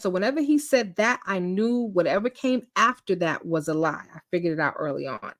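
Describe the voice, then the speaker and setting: A woman telling a personal story in casual chat, animated, acting out quotes and laughing often. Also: medium pitch, moderate pace, dry recording, studio quality. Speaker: storytime host.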